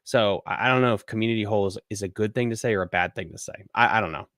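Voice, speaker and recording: A man's voice: fairly low pitch, racing, fairly bright tone, dry recording, studio quality. A man hosting a live fishing podcast, ranting bluntly and swearing casually as he answers listener questions. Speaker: podcast host. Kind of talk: casual live-stream rant and Q&A.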